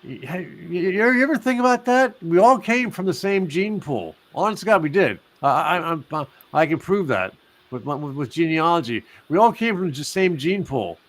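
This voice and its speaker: A man's voice: high voice, expressive, a little fast, a bit bright. Rambling man hosting a live stream. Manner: rambling, many fillers and restarts. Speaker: host. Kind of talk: casual live-stream chat.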